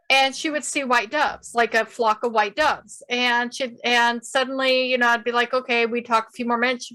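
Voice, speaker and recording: Bright, animated woman podcast host. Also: fairly high pitch. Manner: animated storyteller, laughing. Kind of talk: casual interview chat.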